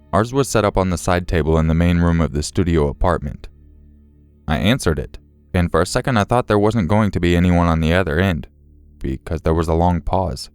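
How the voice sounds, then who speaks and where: A man narrating true horror stories in a steady, measured, scripted read. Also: low-pitched, clear, resonant tone, dry recording. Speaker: story narrator.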